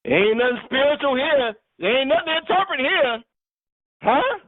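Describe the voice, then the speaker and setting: Man preaching, emphatic, teasing, high voice, thin phone-like audio. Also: lively intonation, normal speed. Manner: emphatic, teasing, laughs often. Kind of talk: sermon teaching.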